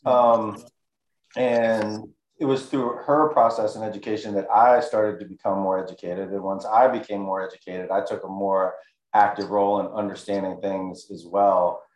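Low-voiced man in an echoey room. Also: fairly even intonation, moderate pace, darkish tone. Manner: reflective, hesitant, many fillers. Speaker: panel guest. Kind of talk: personal story in panel talk.

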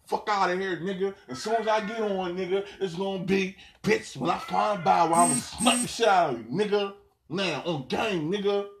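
A man's voice: high-pitched, normal speed, a little hiss or hum. A man hosting a podcast, ranting in a brash, profane, trash-talking way with lots of repeated slang. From South Jersey. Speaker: podcast host. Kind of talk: profane solo podcast rant.

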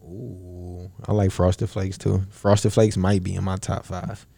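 Low gravelly dude asking quick questions, slangy and chill, dry close sound. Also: male voice, flat delivery, warm tone, dry recording. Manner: laid-back slangy, laughs often. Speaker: host asking rapid-fire questions. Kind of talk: casual chat.

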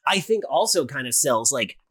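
A man who wrote the audio drama, chatting casually with the cast in an excited, rambling way, often restarting sentences and laughing. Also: medium pitch, normal speed, husky, dry recording.

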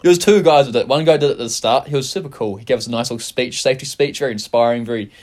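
A man's voice: medium pitch, very fast, darkish tone. A young man, co-hosting a podcast and telling stories in a loose, profane, rambling way. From New Zealand. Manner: profane, rambling, laughs through his stories. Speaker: podcast co-host. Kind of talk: casual storytelling chat.

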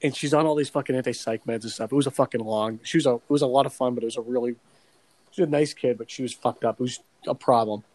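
On a podcast, this man in his 40s chats casually and quickly at medium pitch, spinning animated, swear-filled stories and cracking himself up. The audio is rough.

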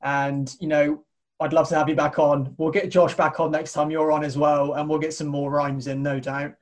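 British male podcast host, raised pitch, easygoing, laughs a lot, restarts phrases. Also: flat delivery, moderate pace. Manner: laughs often, repeats words while thinking. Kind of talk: casual podcast chat.

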